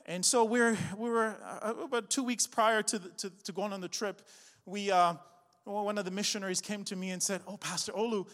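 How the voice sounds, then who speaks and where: A man with a high voice preaching in a church hall, where his words ring out with a long reverb. He builds to loud, rising refrains, then settles into a chatty, halting storytelling tone. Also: fairly even intonation. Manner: slips into chatty storytelling with fillers and restarts. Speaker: pastor. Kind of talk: sermon.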